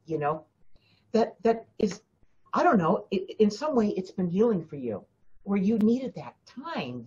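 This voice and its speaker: A woman's voice: medium pitch, a little mellow, lo-fi sound. Emphatic woman giving spiritual coaching. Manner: emphatic, repeats herself, addresses listeners directly. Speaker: spiritual teacher and host. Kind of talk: casual spiritual coaching talk.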